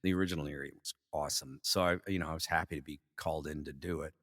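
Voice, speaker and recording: A middle-aged male voice actor telling animated stories in a casual interview, full of fillers. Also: very deep voice, very fast, no echo, studio quality, big-room sound. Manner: animated anecdotes, frequent fillers and laughs. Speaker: voice actor guest.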